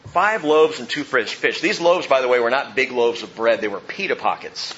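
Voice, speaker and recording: A man preaching a sermon as pastor, animated and joking, acting out the people in the story. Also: mid-range voice, normal speed, lo-fi sound.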